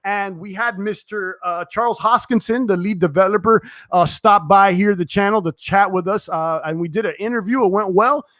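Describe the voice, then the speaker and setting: Young male streamer, high voice, dry close sound, loose chatty delivery full of fillers. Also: moderate pace, few pauses, a bit bright, no room sound. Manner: casual, many fillers and restarts. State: sweating, tiring. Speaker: crypto live-stream host. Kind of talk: live-stream chat reading viewer comments.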